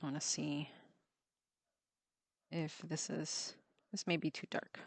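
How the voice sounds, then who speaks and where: A woman's voice: sits low, level tone, slow pace, vocal fry, no room sound. A woman streaming herself drawing, talking casually to herself and correcting her own mistakes as she works. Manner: muttering to herself while working, self-correcting.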